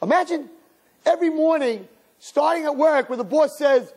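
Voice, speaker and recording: A middle-aged man teaching a sermon-style class to a room of girls, telling a story with sudden jumps in pitch for emphasis and mixing in Hebrew and Yiddish words. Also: fairly quick, darkish tone. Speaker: Torah teacher.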